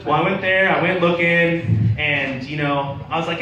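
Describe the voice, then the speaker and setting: Young man, open-mic comic, rambly filler-heavy delivery, slightly higher voice, faint bar noise. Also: steady tone, moderate pace, bright, forceful tone, highs cut off. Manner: rambling storytelling with many fillers. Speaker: stand-up comedian. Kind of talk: open-mic stand-up set. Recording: roomy bar sound from a distance.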